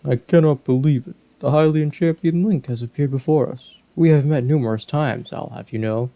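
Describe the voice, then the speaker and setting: A man voicing an aged, huge male fish-folk king in a video game, speaking formally and slowly. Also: a little high, warm tone, voice pushed up, close to an everyday voice. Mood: regal. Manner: formal, stately, slow and courtly.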